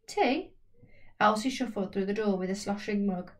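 A woman's voice: medium pitch, flat delivery, a little fast, distant mic. Woman reading a children's story. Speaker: audiobook reader. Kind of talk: storybook narration.

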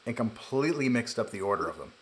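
A man's voice: medium pitch, expressive, quick pace. A man with a nasal voice, hosting a live coding stream in a chatty, joking way and narrating each step. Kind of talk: casual live coding chat.

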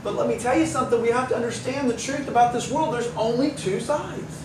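A pastor delivers a sermon in a church sanctuary, his voice pitched extremely high and moving fairly quickly over some background noise. He keeps it conversational, tossing in wry asides and doing voices for the people he quotes. The recording has a roomy, distant church sound with faint ambience.

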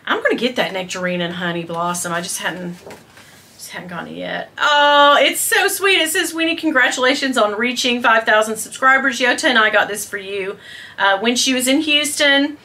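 A woman, chatting excitedly to viewers in a fashion haul video, gasping and squealing with delight. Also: fairly high pitch, normal speed. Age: 50s. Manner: gushing, squeals and gasps with delight, talks to viewers as girl and y'all. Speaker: beauty and fashion vlogger.

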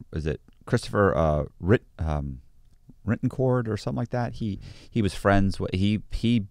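A man's voice: sits low, a little mellow, dry recording, clean studio sound. A man talking as a podcast guest, telling stories in a casual, rambling way with lots of restarts and fillers. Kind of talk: casual storytelling.

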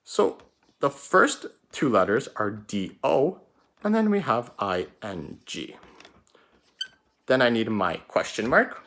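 A man teaching an online spelling lesson, reading words slowly and spelling them out letter by letter. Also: medium pitch. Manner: slow, drawn-out letter-by-letter dictation; lively, up-and-down teacher intonation.

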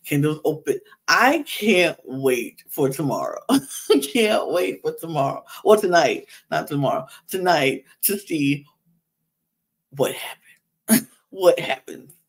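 Slow gravelly gossiping woman. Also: sits low, sing-song. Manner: gossipy, chatty, laughs often, repeats herself. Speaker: podcast host. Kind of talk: casual reality show recap.

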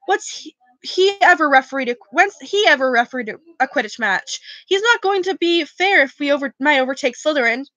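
A woman's voice: high-pitched, animated, a little fast, bright, forceful tone, no echo, rough recording. A woman voicing a spluttering, indignant teenage boy. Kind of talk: audiobook character voice.

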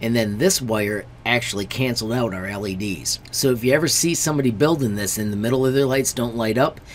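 A man's voice: mid-range voice, brisk, slight background noise. A man, a teacher, walking through a screen-recorded tutorial step by step, friendly and stressing warnings. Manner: friendly, repeatedly says friends.

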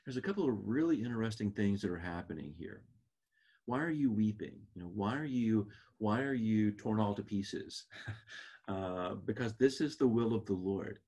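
A man's voice: lowish voice, lively intonation, moderate pace, mellow, husky. A man teaching a Bible class lesson in an earnest, reflective way.

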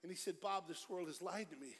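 Middle-aged guy preaching at a church concert, high voice, big echoey hall, loud jokes then quiet pleading. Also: quick pace. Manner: swings from loud comic storytelling to hushed pleading. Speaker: evangelist speaker at concert. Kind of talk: energetic evangelistic sermon with jokes. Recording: live church hall with long reverb.

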